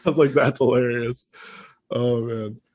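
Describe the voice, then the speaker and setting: A man's voice: mid-range voice, steady tone, unhurried, a little mellow. A young man co-hosting a podcast in loose, casual chat, swearing freely and laughing often. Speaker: podcast co-host.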